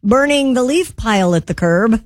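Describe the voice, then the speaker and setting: A woman's voice: a little high, lively intonation, moderate pace, no room sound, clean studio sound. A woman co-hosting morning radio, chatting and reading out news items. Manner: chatty, reads items aloud. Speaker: radio co-host.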